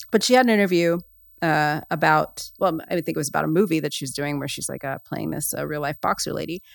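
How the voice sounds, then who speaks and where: A woman's voice: low-pitched, vocal fry, a bit bright, no room sound, studio quality. A woman hosting a podcast in casual, comedic chat, rambling and sarcastic with lots of fillers. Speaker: podcast host.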